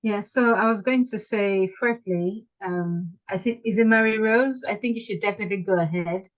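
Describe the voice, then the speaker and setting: A woman's voice: mid-range voice, moderate pace, rough recording. A woman participant in a group call, politely asking the host a question with some hesitation.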